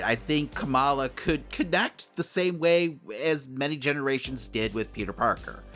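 A man's voice: mid-range voice, bright, forceful tone. A man co-hosting a pop-culture podcast, talking casually and leaning heavily on "you know" and "like". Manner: chatty, lots of "you know" and "like" fillers. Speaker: podcast co-host.

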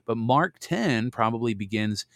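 A man hosting a show where he reads Bible verses aloud and stops for relaxed personal asides. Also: mid-range voice, measured pace, dry recording, clean studio sound. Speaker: host reading and commenting on scripture. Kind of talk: Bible reading with casual commentary.

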